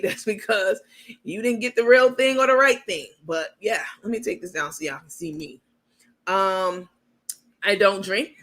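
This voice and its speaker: A woman's voice: medium pitch, a bit bright. A woman host talking casually and candidly to her viewers, calling them baby and y'all and bragging on herself. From New York.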